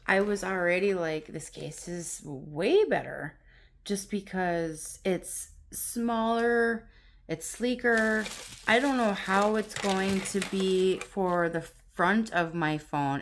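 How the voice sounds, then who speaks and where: A woman talks casually into her phone camera at home. She gushes and laughs easily, and her voice sits at a middle pitch. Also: a little hiss or hum. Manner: excitable, gushing, laughs often. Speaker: vlogger. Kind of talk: casual vlog chat. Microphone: phone camera on tripod.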